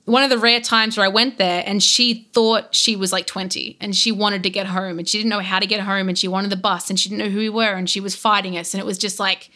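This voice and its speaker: A young woman guest on a podcast, casually retelling a game story in a rambling, animated way with lots of fillers and restarts. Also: medium pitch. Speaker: podcast guest, content creator.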